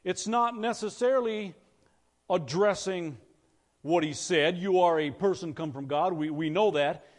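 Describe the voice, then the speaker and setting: A pastor delivers a sermon in a relaxed, conversational way, pausing to ask his listeners questions. His voice sits high for a man. The sound carries the long reverb of a large church hall. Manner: conversational preaching, asks the congregation questions.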